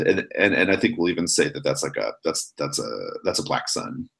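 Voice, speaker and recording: A man's voice: very deep voice, animated, brisk, creaky, few pauses, fairly bright tone. A man running a tabletop game as game master, narrating in a rambling way with many restarts.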